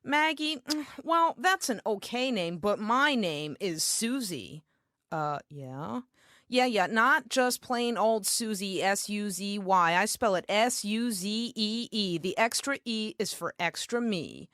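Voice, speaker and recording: A woman voicing a brassy, nosy young woman hairstylist who talks loud and blunt. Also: mid-range voice, animated, takes it slowly, dry recording, studio quality. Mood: boastful.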